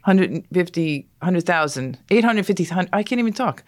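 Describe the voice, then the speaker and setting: A woman's voice: on the low side, animated, moderate pace, a little mellow. A middle-aged American woman in casual chat, talking in a heated, indignant way with many restarts. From United States.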